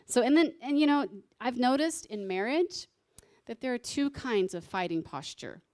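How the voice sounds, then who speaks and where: A woman's voice: fairly high pitch, expressive, moderate pace, darkish tone. A woman giving a sermon alongside her husband, conversational and teasing as she explains scripture.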